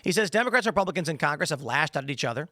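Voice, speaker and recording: Bright, punchy male political commentator. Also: a little high, lively intonation, rapid-fire, no echo, clean studio sound. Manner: emphatic, rambling, sarcastic asides.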